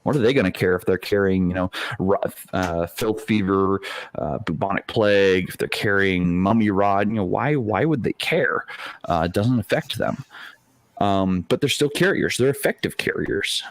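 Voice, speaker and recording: Low-voiced man talking tabletop tactics. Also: no echo. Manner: animated, explains with many restarts. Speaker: dungeon master panelist. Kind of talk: casual podcast discussion.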